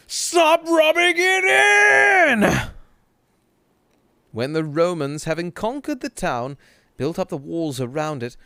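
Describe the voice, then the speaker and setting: A man's voice: mid-range voice, smooth, no echo. A man streaming a game live, joking and swearing while reading the game text aloud. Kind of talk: casual live-stream gaming chat.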